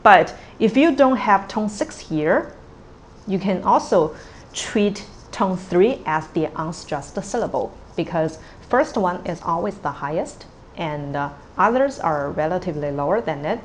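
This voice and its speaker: Woman tutor, slow deliberate delivery, patient step-by-step explainer, faint background hiss. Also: fairly low pitch, expressive. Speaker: language teacher. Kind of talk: tone pronunciation lesson.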